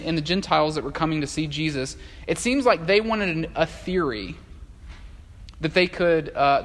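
A male pastor preaching a sermon in a conversational, animated way, with frequent fillers and restarts. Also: on the high side. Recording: long hall reverb.

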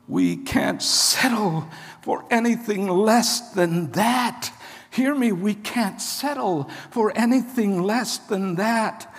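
Preacher, sermon, slow and emphatic, repeats and exhorts, recorded in a long-reverb hall. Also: medium pitch. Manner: emphatic, repeats key phrases, exhorts the listeners.

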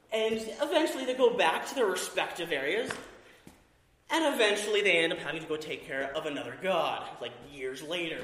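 A young man telling a rambling comic story to a live audience, laughing as he goes. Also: fairly high pitch. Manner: rambling, animated, laughing as he talks. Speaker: performer. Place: coffee house event hall. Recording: echoey hall with faint noise.

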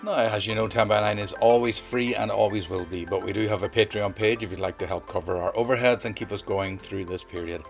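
A male podcast host with a very low voice reads a scripted outro. He thanks listeners by name in a grateful tone. Faint music plays underneath. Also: steady tone, brisk, gravelly, hardly any pauses. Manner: warm, grateful thank-you reading.

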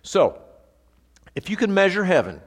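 A pastor teaching a sermon in a conversational, animated way, asking the congregation rhetorical questions. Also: male voice, sits high, normal speed, breathy edge, long reverb tail.

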